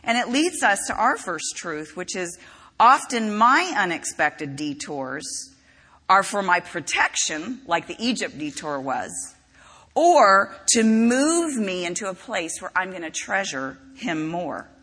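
A woman's voice: medium pitch, sing-song, slow, sharp tone, husky. A woman preaching a sermon in a conversational, storytelling way with frequent asides, recorded in a large hall. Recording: reverberant hall.

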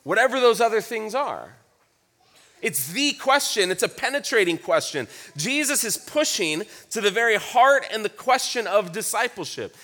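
High-voiced, bright earnest preacher man. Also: sing-song, moderate pace. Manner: earnest, reflective, repeats words. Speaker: pastor. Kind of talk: sermon.

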